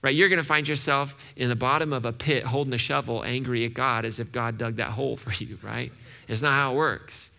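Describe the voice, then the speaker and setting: A man preaching a sermon as pastor, animated and acting out the voices he quotes. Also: mid-range voice, a little fast, vocal fry.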